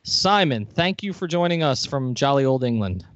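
A man hosting a podcast in casual chat, upbeat and quick to joke. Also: medium pitch, big pitch swings, no echo, highs cut off. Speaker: podcast host.

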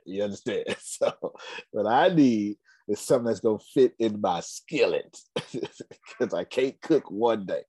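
A man's voice: on the low side, lively intonation, slow pace, a little mellow, breathy edge, dry recording. A man in his forties hosting a casual business talk, telling stories with emphatic repetition and frequent laughs. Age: 40s. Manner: storytelling, laughs often, emphatic. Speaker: host.

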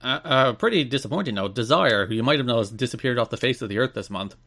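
A man's voice: mid-range voice, animated, quick pace, pushed and bright. A man co-hosting a casual podcast, reading out news items and riffing on them with dry humour. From Ireland. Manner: dry, reads news items then riffs. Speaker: podcast co-host.

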